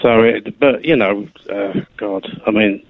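Male phone-in caller, low voice, hesitant and weary, heard down a thin dry phone line. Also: measured pace, vocal fry, dry recording. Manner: hesitant, low-key, many fillers. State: tired. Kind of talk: phone-in call.

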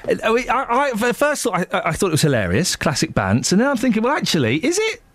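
Animated jokey male radio host. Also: high-pitched, fast. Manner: animated, jokey, reads listener emails aloud. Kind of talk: casual radio chat.

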